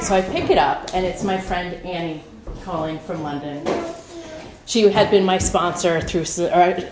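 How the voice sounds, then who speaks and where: A woman telling a personal recovery story at a meeting, candid and emotional, swearing freely and full of fillers. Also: on the low side. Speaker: speaker sharing at a recovery meeting. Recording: echoey room with noise.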